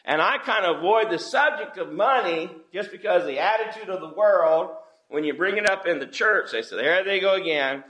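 A man with a high, slightly bright voice preaches a sermon as a church pastor. He speaks conversationally and acts out the voices of the people he quotes.

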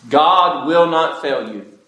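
A man's voice: on the high side, expressive, slow, bright, forceful tone, a little hiss or hum. A man preaching a sermon emphatically, calling out to the congregation for responses. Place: church. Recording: echoey church room.

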